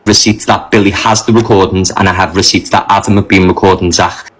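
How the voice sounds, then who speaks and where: A man making a statement on a live stream, halting and correcting himself as he goes. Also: low-pitched, fairly even intonation, a bit bright.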